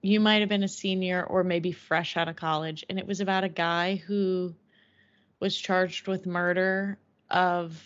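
A woman's voice: fairly low pitch, steady tone, unhurried. A young woman co-hosting a podcast in casual chat, hesitant and searching for her words as she recalls things. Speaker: podcast co-host. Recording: slightly dull lo-fi podcast audio.

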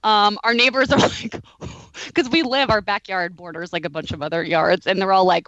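A woman telling a lively story in casual podcast chat, laughing often. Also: lowish voice, normal speed, no room sound, highs cut off.

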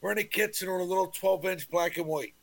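A man's voice: high-pitched, quick pace, vocal fry, a bit bright. A man on a casual sports podcast, telling a profane story about watching a game with his dad. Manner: profane, tells family anecdote with quoted dialogue.

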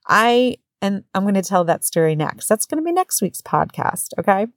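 A woman in her thirties hosting a podcast, telling a story in a casual, animated way with swearing and acted-out quotes. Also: mid-range voice, moderate pace, few pauses, no echo, studio quality. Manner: animated, swearing, acts out quotes in raised voices. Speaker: podcast host.

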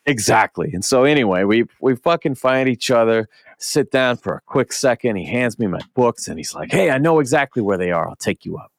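A young man co-hosting a podcast, telling a story in casual chat, animated and swearing a lot as he acts out what people said. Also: mid-range voice, a little fast, no room sound. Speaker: podcast co-host.

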